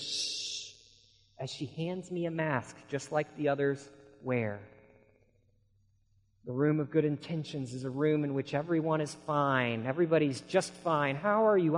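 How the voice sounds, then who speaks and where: Male pastor, slightly high voice, dramatic storyteller in a sermon, echo of a big hall. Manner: dramatic storytelling, swinging from hushed to shouting. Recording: long hall reverb.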